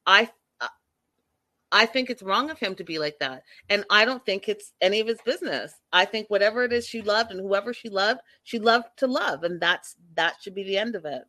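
A woman hosts a casual live-stream recap, her talk sassy and animated and often exasperated as she speaks straight to her viewers. Her voice sits at a middle pitch. The sound is dry and close, with almost no room in it. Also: normal speed, no room sound. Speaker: host recapping a reality show.

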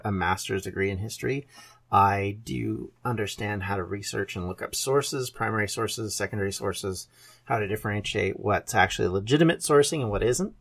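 A man's voice: fairly low pitch, vocal fry, fairly bright tone. A Canadian man in his fifties, hosting a podcast and talking about himself in an earnest, rambling way with self-corrections. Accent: Canadian English. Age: 50s. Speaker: podcast host. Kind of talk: casual podcast introduction.

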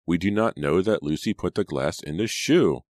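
A man voicing a timid, gentle young woman in an audiobook, speaking softly and cautiously. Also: low-pitched, lively intonation, normal speed, dry recording, studio quality. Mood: soothing. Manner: soft, soothing, cautious. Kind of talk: audiobook character reading.

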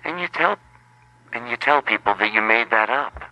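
A man's voice: mid-range voice, lively intonation, moderate pace, sharp tone, dry recording, muffled recording. A man voicing a nagging middle-aged mother scolding her grown son.

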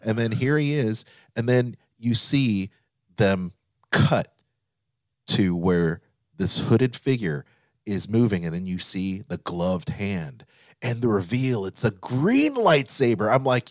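Excitable low-voiced man telling a story. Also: slow, dry recording, studio quality. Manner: excited storytelling, acts out quotes. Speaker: podcast co-host. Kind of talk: casual chat.

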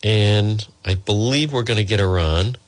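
A man hosting a talk show, speaking earnestly and gently, sometimes repeating and correcting himself. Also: on the low side, unhurried, noisy background. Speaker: host.

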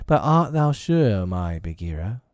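A man's voice: on the low side, very animated, unhurried, a little mellow, no room sound, muffled recording. A man voicing an earnest, bold boy raised by wolves in a storybook reading. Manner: earnest, eager.

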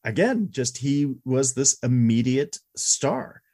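A man's voice: medium pitch, big pitch swings, slow, mellow, husky. A man in his forties co-hosting a podcast, chatting candidly about an old movie and laughing easily. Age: 40s. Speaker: podcast co-host. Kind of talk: casual movie review chat.

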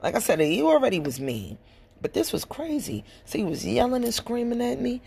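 Gravelly, blunt woman podcaster. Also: on the high side, a little fast, a little hiss or hum. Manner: blunt, profane, animated storytelling. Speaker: podcast host. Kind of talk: casual storytelling monologue.

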